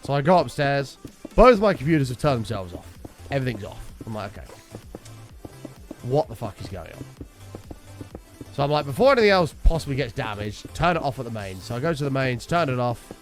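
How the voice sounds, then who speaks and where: A man's voice: medium pitch, sing-song, brisk, pauses often, faint music behind. A young man streaming a game, casually telling a story, swearing freely and acting out his own quotes. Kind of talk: casual storytelling while gaming.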